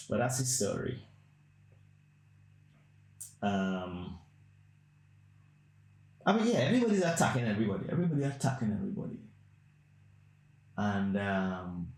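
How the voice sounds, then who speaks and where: A man hosting a podcast, telling a long story in a blunt, crude, rambling way. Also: fairly low pitch. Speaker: podcast host. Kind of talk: casual storytelling. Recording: roomy echo.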